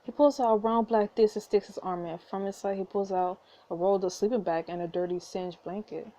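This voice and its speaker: A woman's voice: medium pitch, steady tone, a little fast, dark tone. A woman hosting a let's play, reading a story game aloud and reacting with giggly asides.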